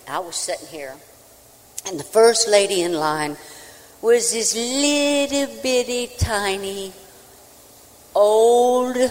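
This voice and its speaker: A woman, a country singer, telling a folksy, animated comic story on a live stage before an audience. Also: on the low side. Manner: folksy, animated, with acted-out voices. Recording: reverberant live hall.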